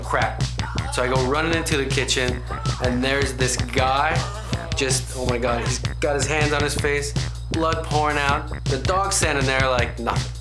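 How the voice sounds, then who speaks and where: A man spins a comic true story as the host of a reenactment show, wandering off into asides before he gets back on track. His voice sits at an ordinary middle pitch, and music runs clearly under his telling. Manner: rambling, chatty, full of asides and digressions. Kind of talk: comedic first-person storytelling.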